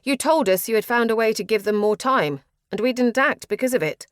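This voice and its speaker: A woman's voice: on the low side, fairly even intonation, brisk, dry recording, clean studio sound, natural voice. A woman reading an audiobook voices an angry refugee man who speaks in hard, accusing tones. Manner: accusing, forceful.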